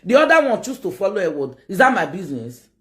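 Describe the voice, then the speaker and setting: A Nigerian woman with a Nigerian accent, ranting to her viewers in a rambling, animated way and mixing pidgin with local-language phrases. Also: medium pitch, fast. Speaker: online video host. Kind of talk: casual rant to camera.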